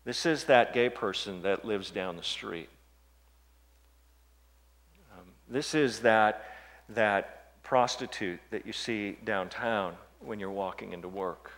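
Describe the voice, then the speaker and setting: A male pastor preaching a sermon, dropping to hushed, low passages and rising to loud, emphatic scripture reading. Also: slow pace. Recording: long hall reverb.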